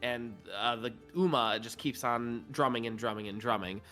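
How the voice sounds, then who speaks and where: A man running a tabletop role-playing game as dungeon master, improvising the story in a loose, relaxed way. He fills his narration with pauses and ums. Soft music plays in the background. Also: mid-range voice. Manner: relaxed, filler-heavy improvising.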